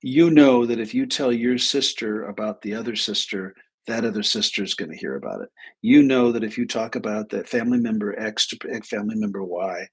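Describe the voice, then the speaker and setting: A middle-aged man with a husky, slightly low voice hosts a live advice stream. He tells stories from his clinical practice in a conversational way, breaking off for lively asides. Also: brisk. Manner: storytelling, animated asides. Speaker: host, clinician.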